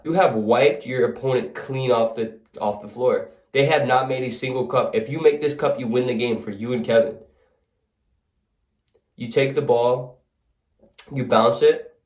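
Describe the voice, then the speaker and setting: A man telling a casual second-person story, setting the scene vividly, in a roomy, echoey recording. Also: mid-range voice. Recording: roomy echo.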